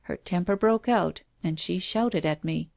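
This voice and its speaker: A woman reading a first-person horror story in a measured, even way. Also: on the low side, vocal fry, dry recording. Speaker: audiobook narrator. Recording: dull dry lo-fi recording.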